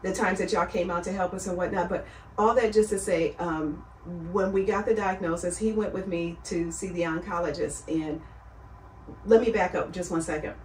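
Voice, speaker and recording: Middle-aged woman guest, earnest and lively, recorded in an echoey room at a distance. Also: lowish voice, moderate pace, a little hiss or hum. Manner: earnest storytelling, animated when quoting others. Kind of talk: casual chat. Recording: roomy sound, far from the mic.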